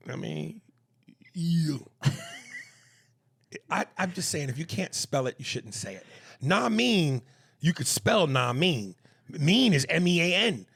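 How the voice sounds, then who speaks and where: A man with a New York accent co-hosting a comedy podcast, talking in profane, animated banter and reading listener messages aloud. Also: a little high, vocal fry, slightly rough. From East Coast of the US. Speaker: podcast co-host.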